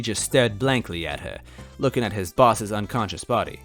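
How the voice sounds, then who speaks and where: A man's voice: on the low side, lively intonation, normal speed, a bit bright, soft background music. A man reading fan fiction aloud in first person, adding wry asides to the listener. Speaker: story reader.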